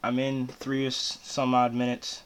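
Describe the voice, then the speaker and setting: A man's voice: mid-range voice, monotone, normal speed, clean tone. A man chatting between takes of his own rap song in a studio, weary and self-mocking as he rambles. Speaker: amateur rapper recording takes.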